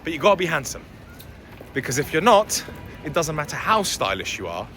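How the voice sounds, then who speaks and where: Brief: blunt young male vlogger, lively swooping delivery, slightly high voice, faint street traffic behind. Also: brisk. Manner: blunt, opinionated, swears. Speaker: dating and life coach. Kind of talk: casual vlog monologue.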